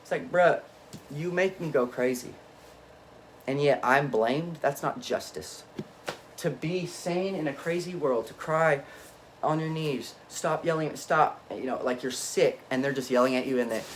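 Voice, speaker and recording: A man talks on and on in a loose, unscripted monologue at an ordinary mid pitch. His delivery swings between low muttering and sudden emphatic bursts, and he keeps breaking off and restarting his thoughts. Faint noise sits behind him. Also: measured pace. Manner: frequent self-interruptions and restarts. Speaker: vlogger.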